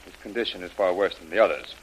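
An actor playing a grave hospital doctor, calm and clinical, in a hissy old radio drama. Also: male voice, sits low, quick pace, natural voice, rough recording. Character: grave hospital doctor, middle-aged man. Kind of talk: 1930s radio drama acting.

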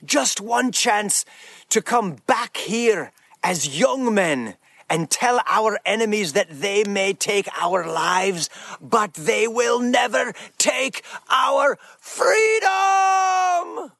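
A man voicing a defiant Scottish freedom fighter rallying his men, in a put-on Scottish accent, slow and emphatic. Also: sits high, animated, vocal fry, a bit bright, no echo, full character voice. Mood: rousing. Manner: slow, rousing, emphatic delivery.

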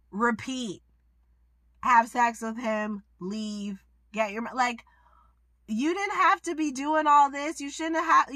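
A woman's voice: a little high, pushed and bright, no room sound. A woman hosting a podcast, recapping a TV episode in a casual, blunt and profane way with plenty of fillers. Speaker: podcast host reviewing a TV episode.

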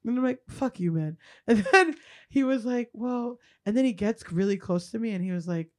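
A young woman co-hosting a podcast, telling a profane, animated story and acting out what people said. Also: a little high, moderate pace. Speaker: podcast co-host. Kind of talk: casual comedic storytelling.

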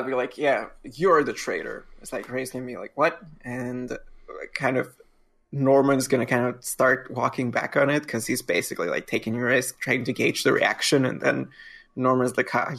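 A man's voice: mid-range voice, creaky, fairly bright tone. A man co-hosting a casual podcast, rambling and joking, swearing now and then. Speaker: podcast co-host.

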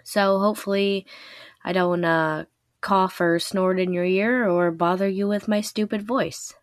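A young woman with a sore, raspy throat hosts a true-crime podcast in an unhurried, rambling way, cursing offhandedly and poking fun at herself. Her speech is slow and the recording is dry and close, made on a laptop. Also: medium pitch, fairly even intonation, dry recording. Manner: rambling, swears casually, self-deprecating. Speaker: podcast host.

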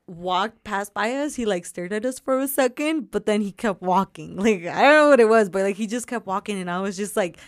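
A young woman telling a story in casual chat, animated, saying "like" a lot and laughing often. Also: mid-range voice, fairly quick, hardly any pauses, no room sound, studio quality.

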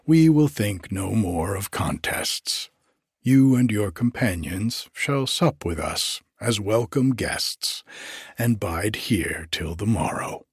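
A sly, gloating giant king, as a male narrator puts him on, mocking and scornful, sometimes dropping to a hush. The voice is low and husky, unhurried and dry. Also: animated, dry recording, full character voice. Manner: gloating, taunting, often hushed to a whisper.

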